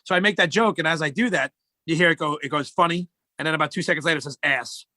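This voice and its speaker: A man's voice: on the high side, quick pace, bright, forceful tone, no room sound. A middle-aged man, a guest in casual chat, telling rambling joking stories.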